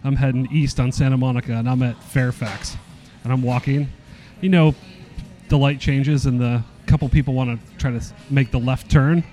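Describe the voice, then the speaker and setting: Joking podcast co-host, man, mellow dark voice, easygoing. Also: mid-range voice, steady tone, normal speed, faint music behind. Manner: joking, laid-back banter. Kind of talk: casual chat.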